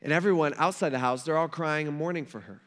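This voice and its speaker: A man preaching a sermon as a pastor, speaking in a relaxed, slangy way and acting out the characters of the story in everyday talk. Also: fairly high pitch, quick pace. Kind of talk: casual conversational sermon.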